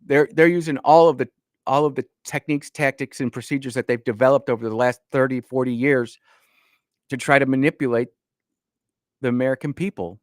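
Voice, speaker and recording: A man hosting a political talk radio show from the studio. He talks in a folksy, emphatic way, stumbling and restarting often, at an ordinary middle pitch. The sound is dry and close, with no room to it. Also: steady tone, brisk, dry recording. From Northern Illinois.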